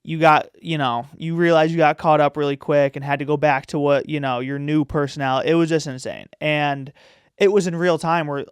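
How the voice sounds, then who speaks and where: A man hosts a podcast, chatting in a loose, rambling way and packing his strong opinions with fillers. His voice sits a little high and sounds smooth and clear. The recording is dry and close. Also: steady tone, fairly quick, no room sound. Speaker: podcast host. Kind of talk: casual chat.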